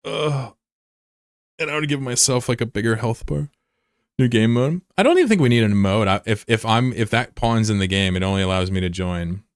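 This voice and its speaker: Deep-voiced excitable streaming game developer. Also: male voice, brisk, no room sound, studio quality. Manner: excitable, swings from loud shouting to muttered frustration. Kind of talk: casual livestream chat.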